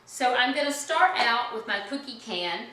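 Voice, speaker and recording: Chanting rhythm syllables, a cheerful, patient woman leads a children's music lesson indoors at home. Her voice runs on the high side, expressive, pushed and bright, at a moderate pace. Captured by a camera some distance off, the sound is noisy, distant and very echoey.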